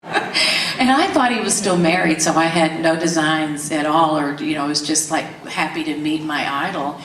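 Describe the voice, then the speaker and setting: A woman, telling a candid story in an interview, animated, laughing often and acting out the quotes. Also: low voice, normal speed. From Tennessee, US. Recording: roomy, distant mic, faint background hiss.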